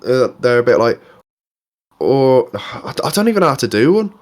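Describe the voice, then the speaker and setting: A man's voice: mid-range voice, very animated, normal speed. A young man from England co-hosting a podcast in casual chat, rambling and swearing freely with many restarts. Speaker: podcast co-host.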